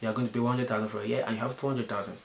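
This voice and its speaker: A man's voice: mid-range voice, steady tone, racing, vocal fry. Earnest Cameroonian man, echoey room. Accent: Cameroonian English. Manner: earnest, emphatic, repeats words while searching for phrasing. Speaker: interviewee. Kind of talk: impassioned commentary.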